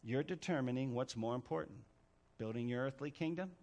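A man preaching a sermon, telling stories with dramatic swings from hushed to loud. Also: medium pitch, a little fast, vocal fry. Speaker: pastor.

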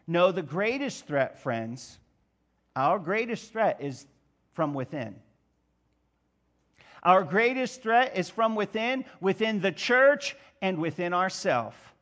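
High-voiced, unhurried man preaching. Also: big pitch swings. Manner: preaching with rhetorical questions to the congregation; builds to loud emphatic passages. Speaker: pastor. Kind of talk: sermon.

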